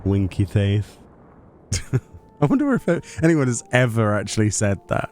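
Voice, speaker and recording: A man's voice: on the low side, very animated, unhurried, a little mellow, soft background music. A man giving casual commentary while streaming a game, with wry, self-mocking asides. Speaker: gameplay streamer. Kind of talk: casual let's-play commentary.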